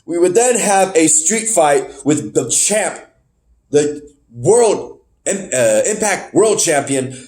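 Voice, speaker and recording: Excitable high-voiced male podcast host. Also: takes it slowly. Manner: rambling, self-correcting, excitable. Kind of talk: casual wrestling review podcast.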